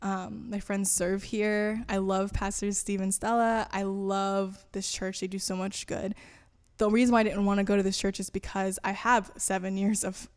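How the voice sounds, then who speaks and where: Animated woman telling a faith story. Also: mid-range voice, moderate pace, clean tone. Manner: animated, acts out her own past thoughts in quotes. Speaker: guest. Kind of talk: conversational storytelling. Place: church.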